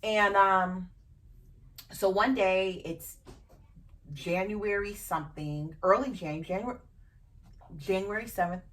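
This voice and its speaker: A woman's voice: mid-range voice, takes it slowly, long pauses, fairly bright tone. A woman hosting a podcast, telling a personal story frankly and emotionally, with casual swearing. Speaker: podcast host. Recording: distant from the mic.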